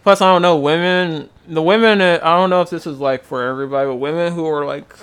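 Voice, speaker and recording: A man's voice: fairly high pitch, fairly even intonation, fast, fairly bright tone, clear, resonant tone. A young man in casual, profane chat, telling loose stories about past girlfriends.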